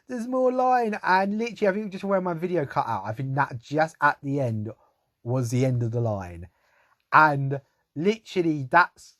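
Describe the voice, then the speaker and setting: A young man telling a rambling story to camera, laughing often and trailing off quietly. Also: a little high, no echo, clean studio sound. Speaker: vlogger.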